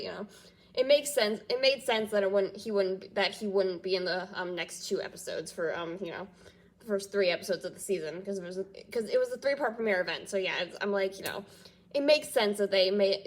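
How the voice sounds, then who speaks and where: Congested woman rambling in a fan vlog. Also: medium pitch. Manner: rambling, with frequent fillers and loops back on itself; giggles often between thoughts. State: congested, nasal from allergies. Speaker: fan reaction vlogger. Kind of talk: casual chat reacting to TV news.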